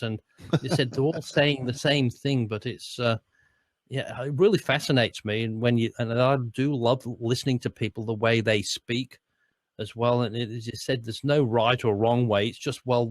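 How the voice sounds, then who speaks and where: A man's voice: mid-range voice, dry recording. Australian man chatting on a dry mic. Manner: rambling, restarts often, chuckles while explaining. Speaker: co-host, voice-over artist. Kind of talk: casual chat.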